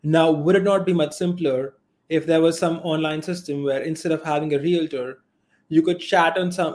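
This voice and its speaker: A man's voice: fairly high pitch, darkish tone. A man co-hosting a podcast, laying out his argument step by step with worked examples. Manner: methodical, explains step by step with examples. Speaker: podcast co-host. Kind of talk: casual podcast debate.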